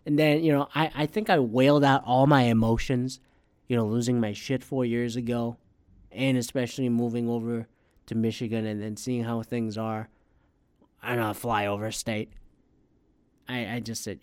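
A man rants through a casual solo podcast, loose and rambling, with frequent swearing and exasperated asides. His voice sits at an ordinary middle pitch. The sound is dry and close, with almost no room around it. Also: little pitch movement, moderate pace, a little mellow, clean tone, dry recording. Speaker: podcast host.

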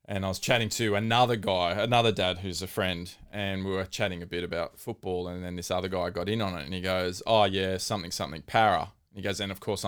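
A man co-hosting a casual sports podcast, telling stories with rising excitement and mock outrage. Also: sits low, clean tone. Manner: animated storytelling, gets loud and excited retelling. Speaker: podcast co-host.

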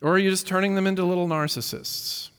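Emphatic preacher in a reverberant hall. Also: male voice, high-pitched, steady tone, fast talker, a bit bright, clean tone. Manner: emphatic, rhetorical questions, repeats words. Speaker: pastor. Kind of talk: sermon.

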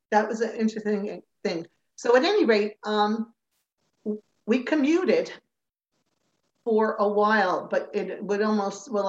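An older woman, a former dancer, telling her story in an interview, acting out the people in it and laughing often. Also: mid-range voice. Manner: animated storyteller who acts out quoted voices and laughs often. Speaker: guest, former Rockette. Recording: roomy, slightly dull remote audio.

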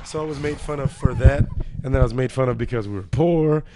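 A man's voice: medium pitch, fast talker, noisy background. A man guesting on a casual podcast, earnest and emphatic, building his points with rising stress. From Virgin Islands family background.

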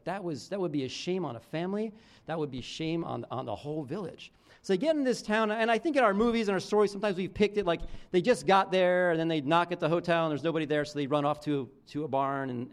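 A pastor delivers a sermon in a casual way, restarting his sentences, and his phrases often trail off low and quiet.

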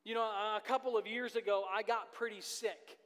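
High-voiced man preaching in a reverberant church. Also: steady tone, normal speed, fairly bright tone. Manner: earnest, repeats key phrases for emphasis. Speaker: pastor. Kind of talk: sermon. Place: church sanctuary.

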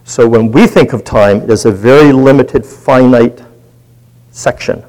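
A man's voice: mid-range voice, unhurried, a little mellow, poor audio. A man leading a Bible study, teaching in a conversational way and putting questions to his group.

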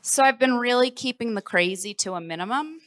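A woman with a slightly high, bright and forceful voice tells a funny personal story to a live audience. She is confessional and self-mocking, and she lets her words tumble out in quick rushes as the story heats up. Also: animated. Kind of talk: live comic storytelling performance. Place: festival stage.

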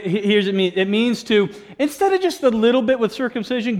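A man preaching a sermon as pastor, animated, often restarting words and adding jokey asides to the congregation. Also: extremely high pitch, fairly quick, few pauses.

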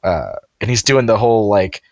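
A man's voice: on the low side, expressive, moderate pace, darkish tone, no room sound. A man co-hosting a casual podcast chat, rambling with lots of fillers and frequent laughs. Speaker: podcast co-host.

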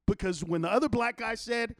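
A man's voice: very high voice, brisk, no echo, clean studio sound. A man telling a long, profane story in casual chat, acting out the quotes.

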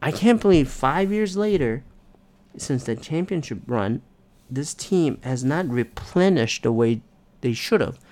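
A man hosting a solo sports podcast, ranting in frustration with heavy swearing and sudden loud outbursts. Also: medium pitch, animated, measured pace. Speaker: podcast host.

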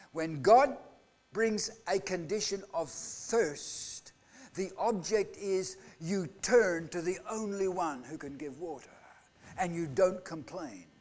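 High-voiced preacher, slow and dramatic. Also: male voice. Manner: dramatic preaching with rhetorical questions, swinging between loud and hushed. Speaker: pastor. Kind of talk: live sermon. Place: church hall.

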